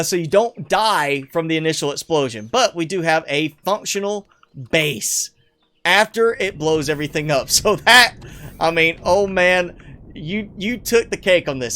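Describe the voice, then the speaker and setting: A man with a high, bright, forceful voice casually comments on a player-built game base during a live stream, with slight background noise present. He's chatty and rambling, makes fun of himself, and often chuckles.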